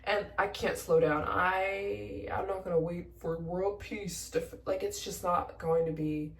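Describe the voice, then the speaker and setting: A woman's voice: on the low side, fairly even intonation, unhurried, reverberant, far from the mic. A young woman from the United States, a travel vlogger telling a story in a casual, emotional way, close to tears and acting out both sides of her conversations.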